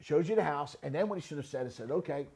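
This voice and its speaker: Blunt gravelly man with a high voice. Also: lively intonation, fast, darkish tone. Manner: blunt, repetitive, asks "right?" often. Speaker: real estate builder reviewing a listing. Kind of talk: casual screen-share commentary.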